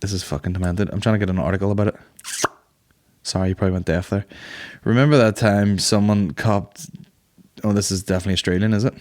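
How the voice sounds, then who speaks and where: A man's voice: on the low side, steady tone, fast, pauses often, a little mellow. A man hosting a comedy podcast in a casual monologue, rambling, swearing freely and laughing at his own jokes. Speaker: podcast host.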